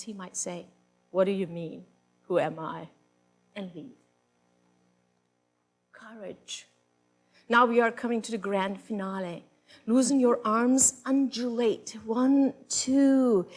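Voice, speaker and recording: A woman on stage playing a brash, worldly woman who coaches other ladies, with theatrical moans and a bossy, instructing manner. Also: fairly high pitch. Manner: theatrical, swooping moans and sighs. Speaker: stage performer. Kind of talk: live comic monologue reading.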